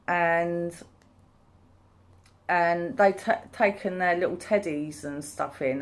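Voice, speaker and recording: A woman in her thirties recounts a personal experience for her vlog. Her voice sits on the low side, and she speaks slowly. She circles back and restarts often, with plenty of hesitant fillers. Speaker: vlogger. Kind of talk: casual storytelling.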